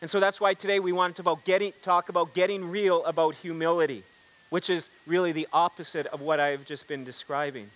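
A male pastor with a high-pitched voice preaching in church. He tells stories in a conversational way, stumbles over repeated words, and has the congregation call out responses. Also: steady tone, a little fast, fairly bright tone, poor audio. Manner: frequent repeated words and restarts. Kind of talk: sermon.

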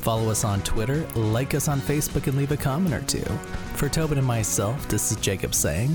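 Man, scripted outro, mid pitch, smooth read, guitar music behind. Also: a little fast. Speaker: podcast co-host. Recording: voice over music.

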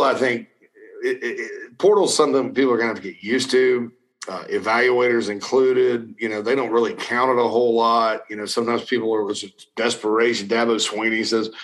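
A man's voice: medium pitch, a bit bright, low-quality recording. A middle-aged man hosting a casual talk show, answering viewer questions in a rambling way with many restarts and fillers. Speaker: recruiting analyst host.

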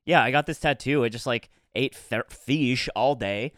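A man's voice: medium pitch, moderate pace, a bit bright, dry recording, studio quality. A man co-hosting a podcast, rambling through a story in casual chat with many fillers. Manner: rambling, filler-heavy, voice trails off at phrase ends. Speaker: podcast co-host.

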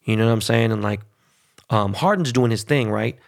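Gravelly-voiced man ranting profanely. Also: fairly low pitch, normal speed. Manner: profane, heated and rambling. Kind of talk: casual sports rant.

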